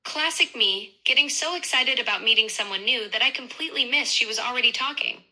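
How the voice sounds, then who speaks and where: A woman's voice: fairly high pitch, a little fast, bright, forceful tone, low-quality recording. A synthetic woman's voice of a chatty voice assistant, upbeat and effusive in her replies.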